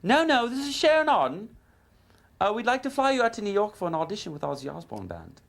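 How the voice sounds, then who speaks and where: A man mimicking a high-voiced woman on the phone. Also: big pitch swings, quick pace, gravelly, a bit bright, heavily acted. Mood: insistent. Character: polite woman rock manager calling early.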